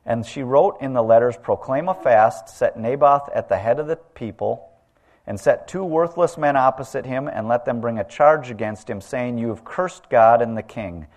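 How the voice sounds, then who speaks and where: A man preaching a sermon, retelling scripture and swinging between loud emphasis and quiet, low asides. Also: normal speed. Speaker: pastor.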